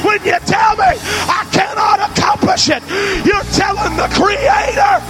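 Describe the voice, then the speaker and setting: A fearless young shepherd hero hurls defiant proclamations at full shout, as an Alabama preacher plays him. His voice rides very high in an Alabama accent, with music beneath. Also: wildly swooping pitch, a little slow, exaggerated voice. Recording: music playing behind.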